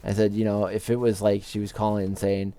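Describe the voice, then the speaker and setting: A man casually commenting on his own game play as a let's-play host, relaxed and rambling. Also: fairly low pitch, a little fast, a little hiss or hum. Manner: relaxed, rambling, with many fillers. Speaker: gaming video host.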